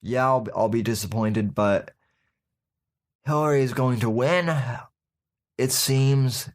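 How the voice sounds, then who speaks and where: A man hosting his podcast, giving casual opinion commentary in a folksy, sarcastic way and calling his listeners folks, with many fillers and restarts. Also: mid-range voice. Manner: halting, with frequent fillers and restarts. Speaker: podcast host.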